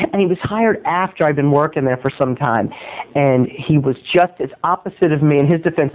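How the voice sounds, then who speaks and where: A man who blogs on video, telling a comic story about a past job in an animated, dramatic, self-mocking way. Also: fairly high pitch. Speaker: video blogger. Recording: dull lo-fi recording.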